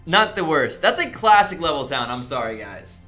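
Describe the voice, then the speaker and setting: A man's voice: fairly high pitch, very animated, moderate pace, pushed and bright, soft background music. A man streaming a game live, ranting in exasperation at his fellow players. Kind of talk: livestream commentary.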